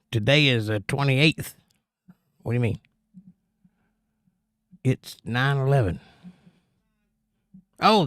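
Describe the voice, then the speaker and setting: A man with a medium-pitched, fairly bright voice hosts a casual livestream, rambling easily as he responds to viewer comments. The sound is clean studio quality with no room sound.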